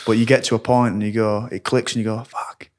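A relaxed male podcast host with a fairly low voice. He talks casually, muses aloud and keeps backing up his guest with short agreements. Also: fast. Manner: relaxed, lots of "yeah" and "mm" backchannel.

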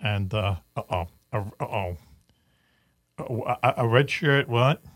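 A man's voice: mid-range voice, lively intonation, unhurried, fairly bright tone, no room sound, clean studio sound. A man hosting a radio talk show, joking and teasing his guests in casual banter over a remote link.

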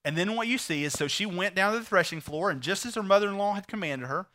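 A man preaching a sermon, retelling a story with animated voices for the characters. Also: high-pitched, fast talker. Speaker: pastor.

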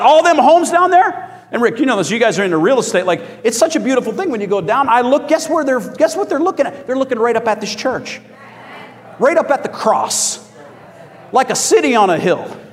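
Animated preacher man in a reverberant church. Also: high voice. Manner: animated, rising to shouts, asking the congregation for amens. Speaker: pastor. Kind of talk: sermon.

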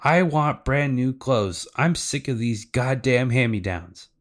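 A man's voice: medium pitch, expressive, a little slow, pitched above the performer's own voice. A man voicing a headstrong, dreamy young girl in a cartoon recap. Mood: whiny.

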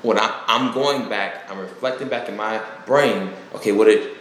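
A man telling a personal story as an interview guest, reflective and halting. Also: fairly low pitch, a bit bright. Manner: reflective, halting, with acted quotes. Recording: echoey room with faint noise.

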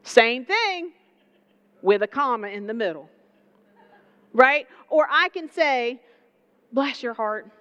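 Woman preacher, Southern accent, high voice, animated conversational sermon, dull lo-fi sound. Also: takes it slowly, long pauses, smooth.

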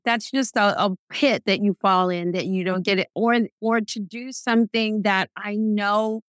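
A middle-aged woman speaking candidly in a casual interview, animated and quick to laugh, acting out the things she once said. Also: mid-range voice, dry recording. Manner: candid, animated, laughs often, acts out quotes. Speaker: guest.

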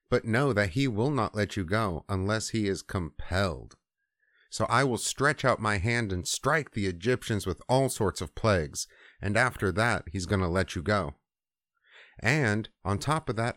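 Guy doing a slangy fed-up god, kinda low voice, dry sound. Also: dry recording. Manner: casual modern slang, swearing. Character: blunt impatient male God, slangy.

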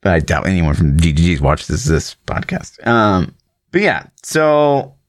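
A man's voice: deep voice, very animated, normal speed, no echo, studio quality. A man co-hosting a casual gaming podcast, talking bluntly with lots of fillers and swearing. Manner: rambling, filler-heavy, blunt and profane. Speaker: podcast co-host.

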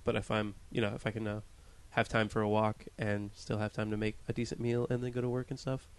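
A man's voice: fairly low pitch, little pitch movement, fairly quick, clean tone. A young man co-hosting a podcast, chatting casually in a rambling, self-deprecating way with the odd swear. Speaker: podcast co-host. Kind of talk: casual chat.

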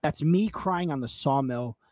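A man's voice: a little high, a little slow, dry recording. A man telling a long, emotional story in a casual podcast chat, swearing and tripping over his words as he goes. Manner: excitable storyteller, swearing, repeating himself. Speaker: podcast co-host.

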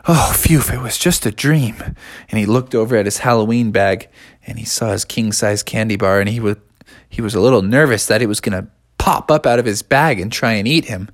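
A storyteller telling a bedtime story in an animated, expressive way, stretching words out. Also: mid-range voice, a little fast.

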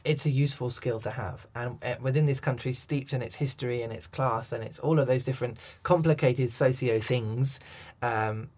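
A man's voice: mid-range voice, moderate pace, hardly any pauses, darkish tone. A man, a coach, answering interview questions thoughtfully with frequent restarts and ums. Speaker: accent coach.

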